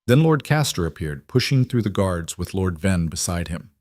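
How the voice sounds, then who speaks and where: A man narrating a fantasy romance audiobook in a steady storytelling way. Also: low voice, normal speed, no echo, clean studio sound.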